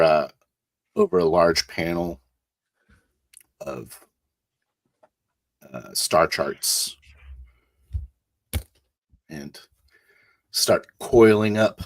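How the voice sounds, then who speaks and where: A man's voice: deep voice, extremely slow, pauses often. A man playing a tabletop role-playing game, describing his character's actions in loose, hesitant talk. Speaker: player. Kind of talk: casual tabletop role-play.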